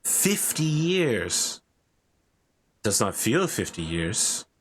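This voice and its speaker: A man's voice: on the low side, very animated, extremely slow, fairly bright tone, slight background noise, exaggerated voice. A man voicing a proud, stern middle-aged knight who speaks in formal, old-fashioned phrases.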